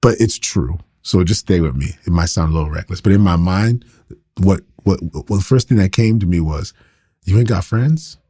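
A man's voice: sits low, normal speed, dark tone. A man in his thirties, a pastor, teaching the Bible in a casual, conversational way, laughing often and poking fun at himself.

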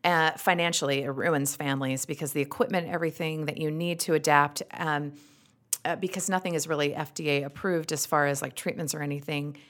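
A woman's voice: deep voice, fairly even intonation, fairly quick, a bit bright. A woman with a Utah accent, speaking as a podcast guest and telling personal stories in a frank, wry way. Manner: frank, wry, trails off into quoted asides. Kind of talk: candid conversational storytelling.

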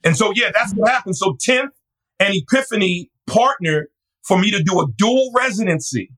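Husky middle-aged man, animated storyteller, pastor. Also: high voice, moderate pace, poor audio. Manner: animated, laughing, acts out voices. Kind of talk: storytelling interview.

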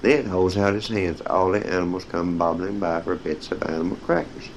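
Low-voiced man reading picture books aloud. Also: steady tone, normal speed, slight background noise, low-quality recording. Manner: speaks directly to young listeners, cueing page turns. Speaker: storyteller. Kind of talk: reading children's stories aloud.

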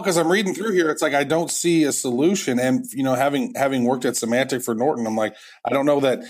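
A man of ordinary, mid-range pitch co-hosts a podcast, talking in a loose, rambling way. He often restarts his sentences and keeps things informal. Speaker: podcast co-host. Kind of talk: casual podcast chat.

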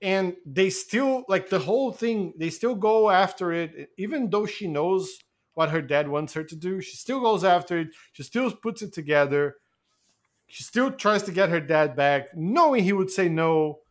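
A man co-hosting a casual podcast, excitable and quick to laugh, often repeating words as he starts. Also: sits high. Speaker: podcast co-host. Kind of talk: casual chat.

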